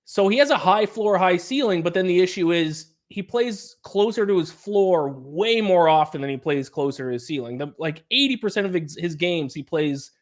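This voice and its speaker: A man's voice: sits high, animated, moderate pace, hardly any pauses. A young man co-hosting a sports podcast, breaking down games in long, analytical explanations. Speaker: podcast co-host. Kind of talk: casual sports podcast chat.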